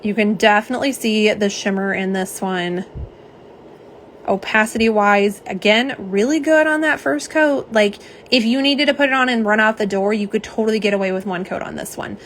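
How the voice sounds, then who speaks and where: A woman's voice: medium pitch, moderate pace, a little hiss or hum. A young woman hosting a casual live stream, chatting and reading viewer comments aloud. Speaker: livestream host. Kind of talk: live unboxing and swatch stream.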